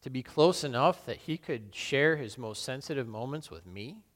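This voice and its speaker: A man playing Peter, a remorseful, brash fisherman and apostle, in a slow, brooding first-person monologue with sudden loud outbursts. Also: mid-range voice, lively intonation, close to an everyday voice. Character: remorseful middle-aged fisherman apostle, brash, guilt-torn. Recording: long hall reverb.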